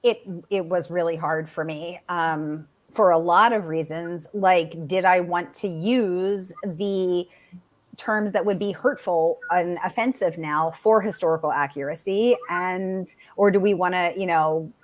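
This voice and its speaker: A woman author answering interview questions, animated and chatty, with many fillers. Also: fairly low pitch, measured pace. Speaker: author, guest.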